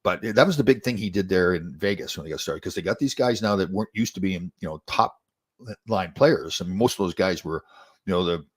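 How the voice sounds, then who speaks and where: A man's voice: sits low, fairly quick, breathy edge. A man in his sixties, a former hockey player hosting a show, telling rambling stories in casual chat and chuckling at them. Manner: rambling, restarts often, chuckles at own stories.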